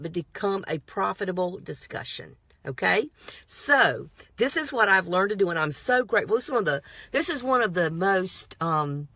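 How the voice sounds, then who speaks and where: A woman's voice: mid-range voice, a bit bright, breathy edge, dry recording. A woman vlogger giving motivational self-help advice, emphatic and repetitive, with a prayerful, coaching manner. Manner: earnest, prayerful sign-off.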